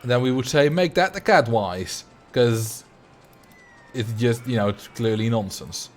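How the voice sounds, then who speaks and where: A man with a Dutch accent chatting casually while he livestreams a game, rambling and thinking out loud at a desk mic. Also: medium pitch, unhurried, a little hiss or hum. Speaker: streamer.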